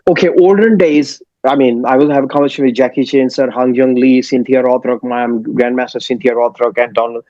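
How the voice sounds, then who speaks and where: A man talks haltingly, filling gaps with "uh" as he hunts for the next word. The audio is dull and dry, without any room sound. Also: medium pitch, fairly even intonation, mellow, no echo. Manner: halting, many fillers, searching for words. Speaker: martial arts actor, guest. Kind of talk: casual interview talk.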